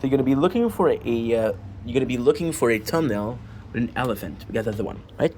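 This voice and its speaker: A man's voice: mid-range voice, lively intonation, fast talker, darkish tone, a little hiss or hum. A man streaming and chatting casually, rambling and asking his chat rhetorical questions. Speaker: gaming streamer.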